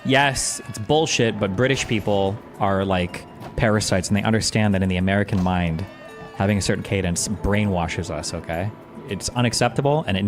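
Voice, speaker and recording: A man streaming while he reacts to a video, ranting in a casual, sarcastic and profane way. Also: low-pitched. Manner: animated, sarcastic, profane rants.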